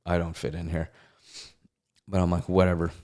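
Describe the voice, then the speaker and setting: Man, low voice, middle-aged, casual storyteller, animated quoting. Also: a little fast. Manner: animated, acts out quotes in voices. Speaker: actor, guest.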